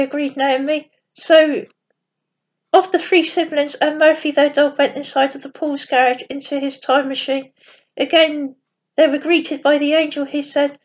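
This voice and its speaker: High-voiced woman reading a bedtime story. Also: level tone, a little slow. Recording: dull lo-fi recording.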